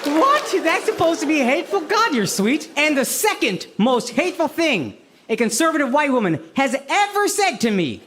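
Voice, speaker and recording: A man's voice: extremely high pitch, very animated, normal speed, a little hiss or hum. A man doing profane stand-up crowd work on a club stage, teasing audience members. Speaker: stand-up comedian. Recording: live club recording, loud crowd laughter.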